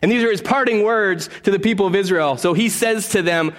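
A man preaching a sermon as pastor, earnest, moving between quiet asides and raised appeals. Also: high voice, a little fast, few pauses, long reverb tail.

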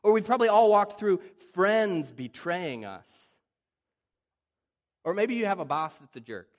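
A middle-aged man preaching a sermon as pastor, animated and conversational, often acting out panicked voices and restarting his phrases. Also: high-pitched, unhurried.

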